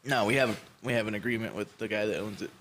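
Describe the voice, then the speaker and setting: A man's voice: fairly low pitch, fast, a bit bright, breathy edge. A man telling a story in a casual chat, laid-back and profane, rambling with fillers.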